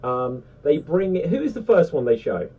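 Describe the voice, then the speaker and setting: Casting note: animated, rambling man on a geek panel, slightly high voice, dull and distant recording. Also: normal speed, slightly rough. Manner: rambling, animated, many fillers. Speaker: panelist on a geek pop-culture show. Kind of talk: casual chat.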